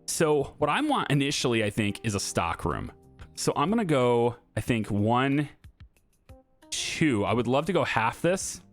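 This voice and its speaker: A man's voice: medium pitch, sing-song, unhurried, soft background music. A man giving casual gameplay commentary, thinking aloud with fillers and restarts as he builds. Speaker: gaming YouTuber.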